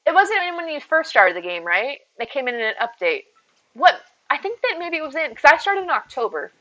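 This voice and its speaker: A woman's voice: fairly high pitch, very animated, a little fast, a bit bright. A woman live streamer chatting casually and rambling as she answers her chat, with faint music behind her. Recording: slightly dull stream audio with faint music.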